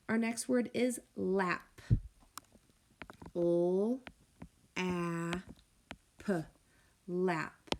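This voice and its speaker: A woman teaching a phonics lesson to young children, sounding out words slowly and clearly and encouraging the class. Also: medium pitch, a little hiss or hum. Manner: encouraging, addresses class as friends.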